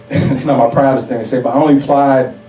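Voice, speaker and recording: A young man from New York City tells a profane, animated story on stage before a live audience, whose laughter rings out in response. He speaks at normal speed in a mid-range voice, miked from a distance in a roomy, echoey hall with a little hiss or hum.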